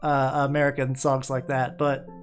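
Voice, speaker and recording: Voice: mid-range voice, completely flat delivery. A VTuber streamer chatting casually while painting, rambling, restarting sentences and trailing off into mumbles. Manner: quick restarts and repeated words. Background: faint music playing.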